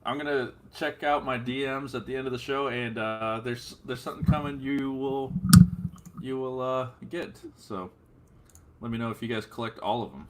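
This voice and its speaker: A man's voice: medium pitch, moderate pace, background noise. A man hosting a podcast in loose casual chat, rambling with lots of fillers. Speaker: podcast host.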